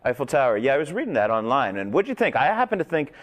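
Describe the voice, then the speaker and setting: A man's voice: mid-range voice, sing-song, fast talker. A man hosting a studio talk show in a casual, joking manner. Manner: joking, chatty. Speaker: host.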